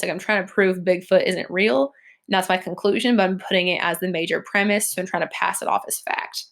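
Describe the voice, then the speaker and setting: A woman's voice: medium pitch, steady tone, fast, vocal fry, fairly bright tone. A young woman, teaching a recorded lesson in a chatty way, with many "like" and "um" fillers. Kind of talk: recorded classroom lecture over slides.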